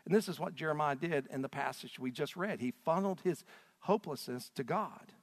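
Middle-aged male pastor, sermon, animated delivery, slightly high voice, long hall reverb. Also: fairly quick. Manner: animated, rising to loud emotional peaks when reading scripture.

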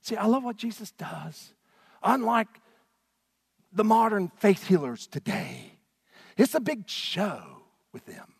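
A pastor in full sermon mode, his voice sitting a little higher than most men's. He swings from fervent, near-shouted lines down to soft, hushed ones. The sound is dry and close, with no room echo. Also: big pitch swings, takes it slowly, vocal fry, long pauses, husky. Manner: dramatic preaching, swinging from loud to hushed.

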